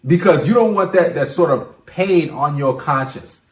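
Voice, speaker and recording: Brief: a higher-voiced man lecturing to camera, lively and insistent, in an echoey room. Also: moderate pace. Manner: emphatic, preachy advice-giving. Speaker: channel host. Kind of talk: opinion monologue to camera.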